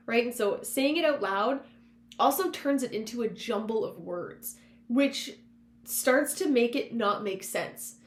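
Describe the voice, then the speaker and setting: A woman with a fairly high, animated voice speaks at a measured pace, hosting a self-help podcast in an encouraging, conversational coaching style that draws on her past work as a counselor. The recording has a roomy echo and a faint hum.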